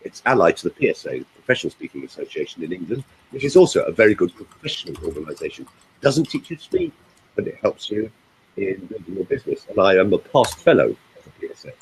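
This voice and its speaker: A man's voice: low voice, slight background noise, poor audio. A man coaching on voice use in an emphatic, demonstrative way, speaking on a group call. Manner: emphatic, animated, demonstrating pauses.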